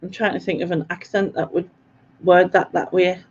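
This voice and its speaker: A woman's voice: fairly low pitch, little pitch movement, normal speed, a little mellow, muffled recording, slight background noise. A woman hosting a live quiz stream, chatty and self-mocking, laughing often as she reads out viewer comments. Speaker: quiz host.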